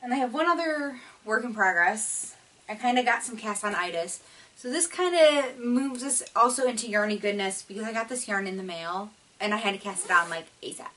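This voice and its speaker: Chatty woman with a bright voice. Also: a little high, lively intonation, a little fast, recorded from a distance, poor audio. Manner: chatty and rambling, with many fillers and laughs. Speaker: knitting video podcast host. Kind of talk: casual chat.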